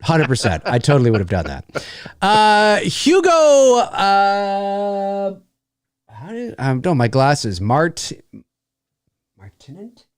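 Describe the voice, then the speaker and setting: Animated man, lively voice. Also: fairly high pitch, slow, pauses often, smooth, dry recording, clean studio sound. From Canada. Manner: animated storyteller, many restarts and laughs. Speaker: host. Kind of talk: casual chat.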